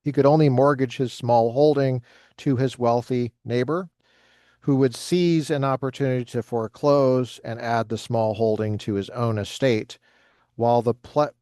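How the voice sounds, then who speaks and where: A man's voice: mid-range voice, steady tone, normal speed, dark tone, dry recording, studio quality. A man reading passages from a book aloud and adding joking commentary of his own. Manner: reads passages with joking asides. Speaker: lecturer reading from a history book.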